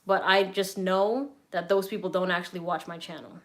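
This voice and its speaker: A woman's voice: lowish voice, fairly even intonation, a little fast. Chatty, blunt young woman streaming live. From Southern California. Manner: chatty, blunt, swears freely, reads out viewer comments. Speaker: fragrance reviewer and streamer.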